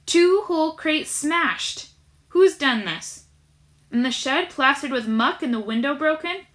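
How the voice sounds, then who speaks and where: A gruff, suspicious farm boss barking orders and demanding answers, loud and raised, as a woman puts him on. The voice stays bright and a little high for a man, with a hard scolding edge in this storybook telling. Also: animated, normal speed. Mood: angry. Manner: yelling, demanding, scowling.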